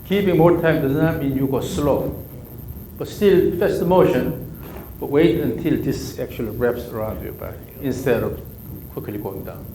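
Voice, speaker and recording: A man's voice: medium pitch, moderate pace, dark tone, slight background noise. A man with a Korean accent coaching a golf student, giving short, repeated cues during drills. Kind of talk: live coaching session. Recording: echoey room with faint ambience.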